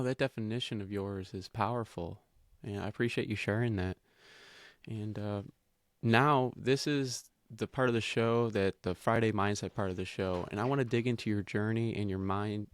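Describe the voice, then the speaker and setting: A man hosting a podcast, calmly affirming his guest and asking interview questions. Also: on the low side, no echo. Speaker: podcast host.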